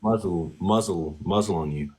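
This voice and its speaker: A man's voice: sits low, moderate pace, a little mellow, breathy edge. A man hosting a heated live-stream debate, talking down to a caller in a mocking, repetitive way. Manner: condescending, mocking, repeats himself. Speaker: TikTok live debate host.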